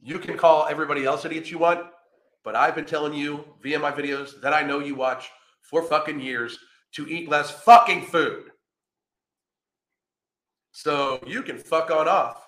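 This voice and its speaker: A combative male host ranting profanely, with sarcasm in nearly every line. His voice is bright and forceful, and the room around him is echoey. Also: a little high, normal speed. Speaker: podcast host. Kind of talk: ranting reaction commentary.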